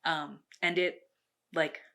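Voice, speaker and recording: A woman speaking in a lowish, bright and slightly tense voice. She talks candidly about running a gaming event, laughing often and close to tears. It sounds like a relaxed documentary interview. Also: slow pace, vocal fry. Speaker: tournament organizer.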